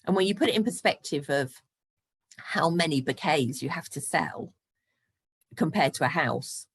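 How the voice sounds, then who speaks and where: A woman's voice: low voice, animated, moderate pace, slightly rough. A woman in her sixties, a guest on a podcast interview, talking in a chatty and frank way and laughing between points. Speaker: guest, property investor.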